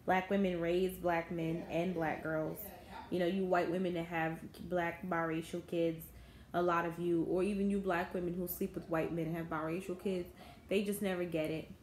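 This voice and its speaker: A woman's voice: fairly low pitch, little pitch movement, normal speed, a little mellow. A woman, ranting to her viewers in a bitter, indignant vlog. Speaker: vlogger. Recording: echoey room, faint background noise.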